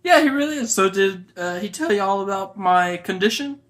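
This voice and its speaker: A man voicing a casual young woman, raising his pitch a little. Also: animated, a little fast, fairly bright tone. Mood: teasing.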